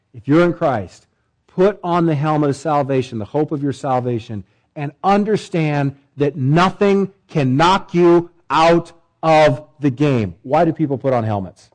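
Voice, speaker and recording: A male pastor delivering a sermon, emphatic, with swelling pitch and repeated phrases. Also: lively intonation, a little slow, rough recording.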